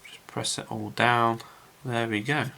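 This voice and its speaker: A man's voice: medium pitch, steady tone, unhurried, gravelly, bright, forceful tone, a little hiss or hum. A man casually narrating his scale model build to viewers, chatty and rambling with frequent filler words.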